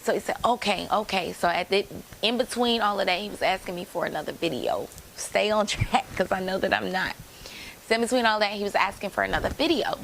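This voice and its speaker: A woman's voice: medium pitch, brisk, vocal fry, a bit bright, a little hiss or hum, low-quality recording. A woman in her late twenties telling a personal story to her viewers in a chatty, rambling way, calling them y'all. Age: late 20s. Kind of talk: casual storytime chat.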